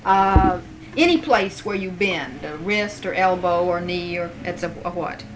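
A woman's voice: lowish voice, measured pace, over music, poor audio. Patient woman interviewer prompting answers. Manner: patient, prompting with unfinished sentences. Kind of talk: dialect survey interview.

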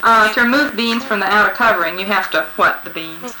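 A woman interviewer asking questions one by one in a measured, patient way. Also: mid-range voice. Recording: hissy old tape recording.

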